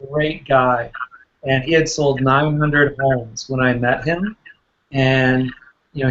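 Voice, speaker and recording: A man's voice: medium pitch, a bit bright, dull audio, slight background noise. A man coaching real estate agents in a casual question session, talking in a chatty way, repeating words and telling anecdotes. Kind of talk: casual Q&A with a listener.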